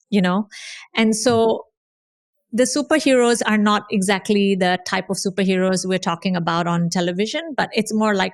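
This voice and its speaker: A woman's voice: medium pitch, steady tone, normal speed, no echo, studio quality. Earnest woman telling her story. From Indonesia. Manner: earnest, repeats phrases for emphasis. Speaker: podcast guest. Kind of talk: conversational storytelling.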